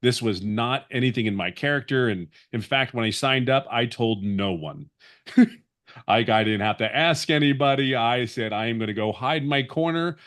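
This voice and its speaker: A man's voice: medium pitch, normal speed, a bit bright. Earnest man in his fifties. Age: 50s. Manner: earnest, rambling, with many restarts. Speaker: webinar guest sharing his story. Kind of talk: personal testimonial on a webinar.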